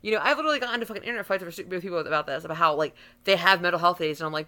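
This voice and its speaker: A woman's voice: fairly low pitch, rapid-fire, hardly any pauses, sharp tone. A woman in her thirties delivering a blunt, profanity-laced rant to camera, heated and unfiltered, with bursts of laughter. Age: 30s. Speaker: vlogger. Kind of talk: profane ranting monologue.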